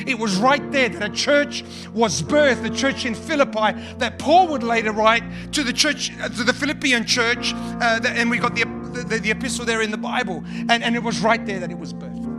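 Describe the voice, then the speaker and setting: A male pastor preaching a sermon, emphatic and repetitive, building up his points. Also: sits high. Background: instrumental music.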